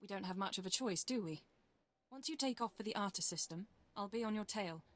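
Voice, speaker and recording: A woman voicing a calm female intelligence officer. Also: medium pitch, a little fast, lightly acted. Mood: earnest. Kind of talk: video game dialogue.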